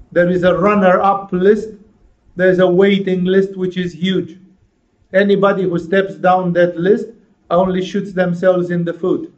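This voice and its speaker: A man preaching on a gospel passage, acting out dialogue in an animated storytelling manner. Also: on the high side. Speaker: spiritual teacher. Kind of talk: sermon. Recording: dull lo-fi recording.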